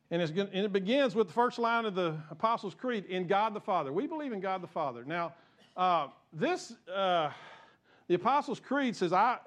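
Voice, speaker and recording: A pastor preaching a sermon to his congregation, impassioned and repeating himself as he gets fired up. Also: sits high. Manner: repeats and restarts phrases. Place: church sanctuary.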